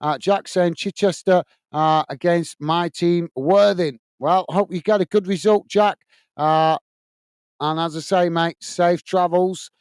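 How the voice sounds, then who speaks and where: A fairly high, smooth and clean-toned man hosts a live football watch-along. He chats casually, reading viewer comments aloud and answering them with lots of filler sounds. The sound is close and dry. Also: steady tone, measured pace, darkish tone, no echo. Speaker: host.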